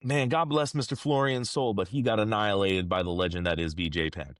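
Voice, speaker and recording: A man in his thirties, a combat sports inspector, telling stories in a casual interview with slangy, animated talk and frequent restarts. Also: fairly low pitch, a little fast, no room sound, clean studio sound.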